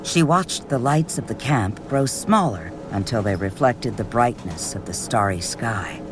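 A man reading a novel aloud in measured scripted narration, lifting his voice for quoted characters. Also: lowish voice, lively intonation, music in the background. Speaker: audiobook narrator.

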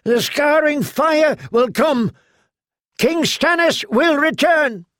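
A man voicing a fanatical knight who shouts wild prophecies in a strained, high voice. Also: slow, dry recording, clean studio sound, full character voice. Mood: raving. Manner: shouting, ranting and high-pitched.

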